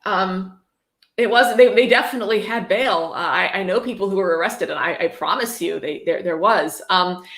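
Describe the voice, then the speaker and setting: A woman's voice: mid-range voice, moderate pace, fairly bright tone. A woman on a livestream reading a book aloud and breaking in with sarcastic, mocking commentary. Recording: roomy echo.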